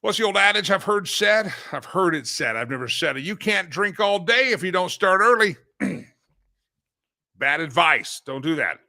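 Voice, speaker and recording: A man's voice: high-pitched, animated, normal speed, pushed and bright, no room sound. A man hosting a political talk show, joking around and chanting sing-song catchphrases. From Colorado, USA.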